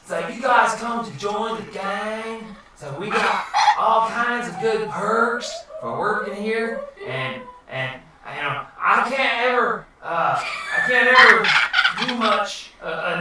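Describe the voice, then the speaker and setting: A game master voicing a laid-back, frail male gang boss under a curse, talking in a rambling, drawling surfer-dude way, recorded far off in an echoey, noisy room. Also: medium pitch. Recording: distant echoey room with noise.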